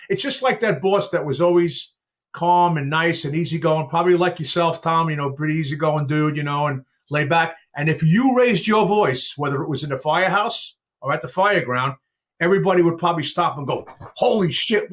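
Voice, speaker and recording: A man hosting a podcast, telling stories in a lively casual way and asking questions. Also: on the high side, fairly quick. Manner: animated storyteller with chuckles and asides. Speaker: podcast host. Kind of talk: casual chat.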